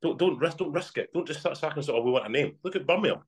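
Fast-ranting football fan. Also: male voice, fairly high pitch, breathy edge. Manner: fast, ranting, animated storytelling. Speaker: podcast co-host. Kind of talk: casual football chat.

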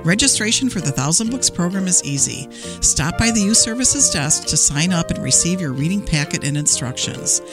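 A woman children's librarian reading a fairy tale aloud in an expressive, animated way. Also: on the low side, normal speed, music in the background. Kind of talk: storytime read-aloud.

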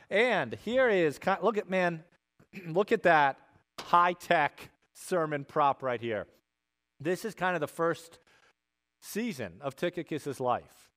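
A male pastor, preaching a sermon from a church stage in a relaxed, conversational way with bits of slang. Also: on the high side.

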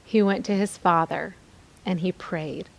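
A woman's voice: fairly low pitch, fairly even intonation, a little slow, vocal fry. Earnest woman exhorting with repeated phrases. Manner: candid, confiding asides. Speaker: podcast host teaching scripture. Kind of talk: devotional teaching.

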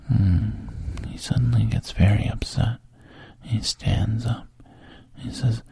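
A man telling a whispered role-play story directly to the listener, his low voice gravelly and very breathy. He speaks slowly and darkly, close to a dry mic. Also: little pitch movement, no echo. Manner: second-person storytelling, soft and intimate. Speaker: narrator.

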